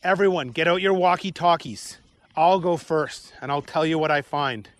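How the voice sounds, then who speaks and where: A protective father calmly tells everyone what to do next. A man voices him in a fairly high voice with a dry, close sound. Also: moderate pace, no echo, close to an everyday voice.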